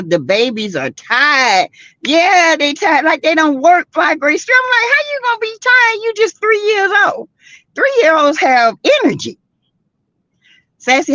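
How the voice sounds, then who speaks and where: A woman's voice: fairly high pitch, no echo. A middle-aged woman, hosting a casual gossip livestream and chatting straight to her viewers. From South Carolina, US. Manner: animated, exclaims, talks straight to the chat. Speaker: livestream host. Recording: dull lo-fi stream audio.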